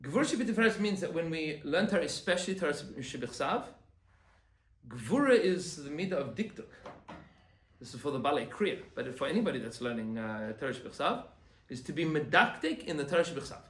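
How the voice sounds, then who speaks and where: A man, a rabbi, giving an animated Torah class and acting out quoted complaints. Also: on the high side, fairly quick, reverberant.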